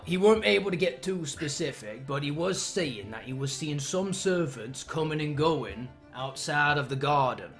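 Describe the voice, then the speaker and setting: A man playing a gruff, brusque tavern keeper handing out a job. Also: mid-range voice, fairly bright tone, voice pushed down, natural voice. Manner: brusque, swearing, businesslike.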